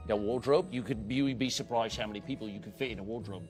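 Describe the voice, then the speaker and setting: A man's voice: on the low side, fast, darkish tone, soft background music, close to an everyday voice. A man voicing a roguish, wine-loving male satyr bard who rambles in a sly, conspiratorial way.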